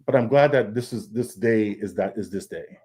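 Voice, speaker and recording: A comic artist appears as a guest on a video call panel, speaking in a lowish, warm voice at a normal speed. He talks earnestly and confessionally, often repeating words and quoting his own thoughts.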